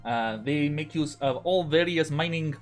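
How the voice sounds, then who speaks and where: A man's voice: a little high, measured pace, faint music behind, natural voice. A man putting on a Russian cyborg lieutenant woman. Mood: briefing. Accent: bad put-on Russian. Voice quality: slightly masculine, slurred, drops articles. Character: cybernetic Russian woman, second in command.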